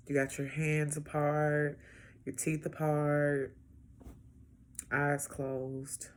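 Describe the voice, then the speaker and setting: A woman's voice: deep voice, gravelly, slight background noise. A woman sharing a personal healing testimony in a vlog, talking to viewers in a reflective, emotional way. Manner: slow, reflective, emotional, talks straight to viewers. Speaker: healing client giving a testimony.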